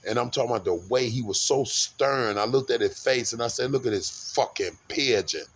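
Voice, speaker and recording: Guy with a lowish voice ranting about his bus trip, swears a lot, keeps restarting sentences. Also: normal speed. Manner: rambling, profane, with repeated restarts. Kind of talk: casual monologue recounting a bus trip.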